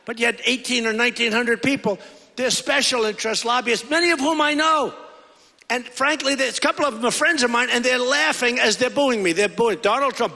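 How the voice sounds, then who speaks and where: Bright, high-voiced man at a rally. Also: creaky. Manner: rambling and repetitive, with conversational asides. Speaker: political candidate. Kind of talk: campaign rally speech. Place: large indoor rally hall. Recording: echoey hall with long reverb.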